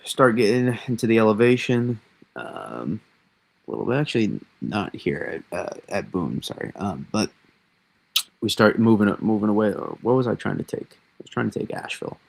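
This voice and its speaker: A man with a Massachusetts accent hosting a casual live weather analysis, thinking aloud in a halting way with many fillers. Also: fairly low pitch, big pitch swings, vocal fry, breathy edge. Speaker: weather stream host.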